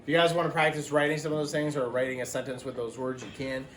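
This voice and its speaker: A man teaching a phonics lesson to young children, patient and slow, repeating each word. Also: medium pitch, flat delivery, fairly bright tone, echoey room, a little hiss or hum. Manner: patient, explains words slowly and repeats them.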